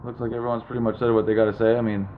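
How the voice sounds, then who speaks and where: Man, laid-back rambling host, lowish voice, tinny phone-quality sound, noisy background. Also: little pitch movement, rapid-fire. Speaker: live show host. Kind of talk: casual live-stream chat. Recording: phone-like lo-fi with noise.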